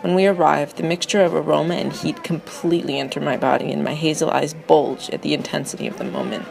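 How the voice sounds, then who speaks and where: A woman reading a personal narrative essay aloud in a wry, excitable storytelling manner. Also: sits low, creaky, rough recording.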